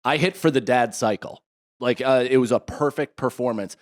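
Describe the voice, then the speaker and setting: A man in his thirties co-hosting a casual podcast, his voice sitting at an ordinary middle pitch. He tells stories in a rambling, animated way, full of false starts and quick asides. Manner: rambling, animated storyteller with many restarts. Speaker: podcast co-host. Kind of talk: casual chat.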